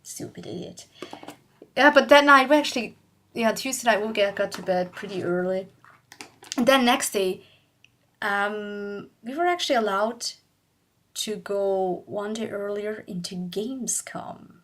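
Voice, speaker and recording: A woman's voice: medium pitch, unhurried, a bit bright. Chatty young woman telling a story. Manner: chatty, rambling, laughs often, acts out quotes. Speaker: YouTuber. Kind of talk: casual storytelling vlog.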